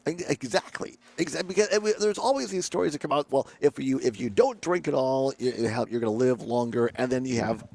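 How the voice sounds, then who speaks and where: A man's voice: mid-range voice, brisk, creaky, few pauses, no room sound. A man hosting a radio show, chatting casually with a guest and joking through his sign-offs. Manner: jokey, energetic sign-offs. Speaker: radio host.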